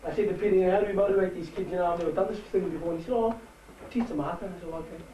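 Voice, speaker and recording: A man with a New Zealand Māori accent, giving a halting, heartfelt speech to a rugby team. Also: high voice, fairly even intonation, dull audio. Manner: halting, warm-hearted, switches between Māori and English. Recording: echoey room from far off.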